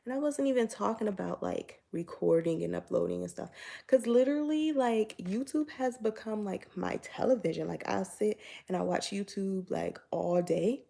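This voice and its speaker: Chatty young woman with vocal fry. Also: mid-range voice, moderate pace, mellow. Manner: chatty, filler-heavy, acts out both sides of dialogue. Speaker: YouTuber. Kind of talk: casual storytime.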